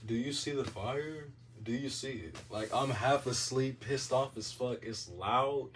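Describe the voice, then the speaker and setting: A man tells a story to camera in an animated, dramatic, profane way, with a middle pitch. His voice sits a bit away from the mic. A faint hiss runs underneath. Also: measured pace, distant mic. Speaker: vlogger telling a story. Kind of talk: casual storytime monologue.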